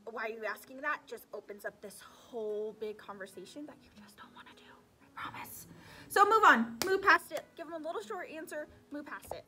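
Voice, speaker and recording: Young woman teacher, casual vlog advice, animated and higher-pitched, faint music bed. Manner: animated, acts out her students' voices, drops into asides. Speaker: sixth-grade teacher. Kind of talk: casual talk to camera giving advice.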